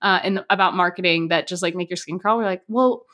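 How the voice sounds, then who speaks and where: A young woman hosting a casual conversation about marketing. She tells stories in a lively way and acts out the voices of people she quotes. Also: lowish voice, fast talker. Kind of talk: casual chat.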